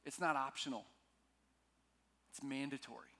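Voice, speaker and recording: A male pastor preaching a sermon, slowing down and swinging between loud and soft to stress his points. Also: mid-range voice, steady tone. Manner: dramatic shifts in loudness, slows for emphasis; asks the congregation to repeat lines.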